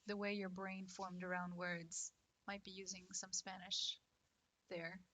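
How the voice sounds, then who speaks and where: Chatty, bright-voiced woman streamer. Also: lowish voice, little pitch movement, unhurried. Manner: chatty, laughs often, lots of fillers. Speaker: artist streaming to chat. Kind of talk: casual stream chat. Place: home setup at a computer.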